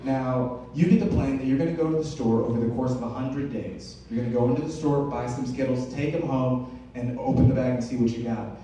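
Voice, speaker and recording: A man's voice: medium pitch, slight background noise. Stand-up man in a roomy venue. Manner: storytelling with filler "uh"s and a slow, deadpan delivery on punchlines. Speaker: stand-up comedian. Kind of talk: stand-up set. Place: comedy stage with a live audience. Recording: roomy, far-off live venue recording.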